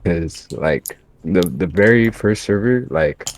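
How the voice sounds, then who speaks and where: A man's voice: deep voice, expressive, slow pace, slight background noise. A man talking casually about his experience, rambling with lots of fillers. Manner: laid-back, rambling with many fillers. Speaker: podcast guest editor. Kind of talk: casual chat.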